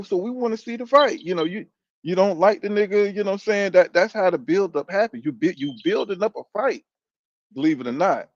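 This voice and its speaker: A man's voice: high-pitched, no echo, highs cut off. Rambling, cussing man ranting about boxing. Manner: rambling, profane, keeps saying "you know what I'm saying". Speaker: boxing commentator. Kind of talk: casual opinion rant.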